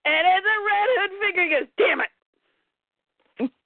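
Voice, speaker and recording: A woman co-hosting a casual chat, retelling a story in an animated way and laughing often. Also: extremely high pitch, fast, dry recording. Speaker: podcast co-host. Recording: tinny phone-like line.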